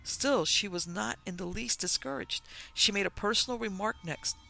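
A man reading a reserved young widow's account in an audiobook, measured and restrained. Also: high voice, creaky, bright, forceful tone, voice pushed up, full character voice. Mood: wary.

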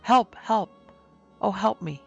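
A man reading aloud, voicing a frightened lone woman lost in a wolf-filled forest, who pleads in a high, breathless voice. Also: fairly even intonation, moderate pace, vocal fry, highs cut off, soft background music. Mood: desperate pleading.

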